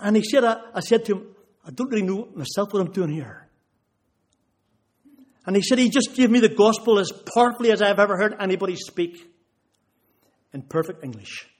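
A man's voice: high voice, expressive, brisk, pauses often. A man giving a sermon testimony, retelling conversations with rising intensity. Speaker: preacher.

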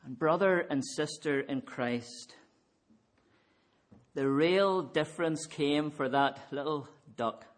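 Slow, earnest preacher. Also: male voice, fairly high pitch. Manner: measured, earnest preaching with repeated refrains. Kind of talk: sermon.

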